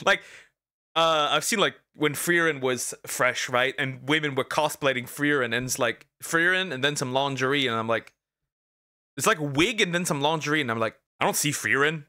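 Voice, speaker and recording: A man casually reacting to a video, animated and crude, laughing often and tripping over repeated words. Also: mid-range voice, normal speed.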